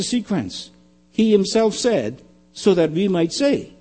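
A man's voice: big pitch swings, moderate pace, slightly rough. Older man preaching with fervor. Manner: emphatic preaching, swelling louder and higher on key phrases. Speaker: pastor. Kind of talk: sermon.

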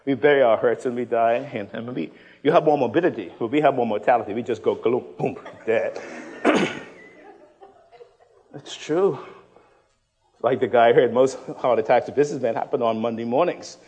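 A man with a Bahamian accent preaching a sermon, swinging from loud, rousing passages to hushed, quiet ones and joking with the congregation. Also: mid-range voice, moderate pace, long pauses, big-room sound. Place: church hall.

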